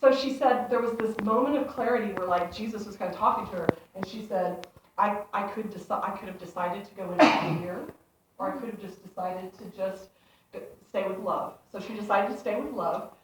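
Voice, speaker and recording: A woman's voice: medium pitch, a little fast, far from the mic, a little hiss or hum. A woman giving a playful inspirational talk to a congregation, telling stories with laughter and acting out voices. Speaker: speaker. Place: church hall. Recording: echoey hall, speaker away from the mic.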